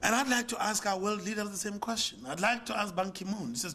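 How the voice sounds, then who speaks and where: His pace quick and his tone bright and forceful, an older South African pastor lectures at a conference in a lecture hall. He preaches with rhetorical emphasis, his pitch and volume swinging widely.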